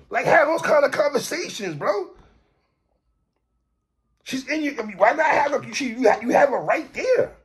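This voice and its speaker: A man hosting a podcast, ranting in animated commentary, stammering, repeating himself and shouting for emphasis. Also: extremely high pitch, normal speed. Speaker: podcast host.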